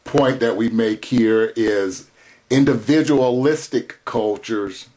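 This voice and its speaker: A man lectures in a deliberate, unhurried voice, pausing between phrases as if listing points for students. His pitch sits in an ordinary middle range. He sounds middle-aged and steady, like a teacher walking a class through notes. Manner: slow, measured delivery with spelled-out terms. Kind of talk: recorded lecture.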